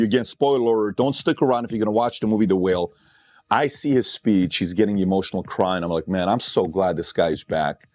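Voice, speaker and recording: A man's voice: fairly low pitch, darkish tone. A man giving a motivational speech, blunt and conversational, telling stories with emphatic, impassioned build-ups. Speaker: motivational speaker.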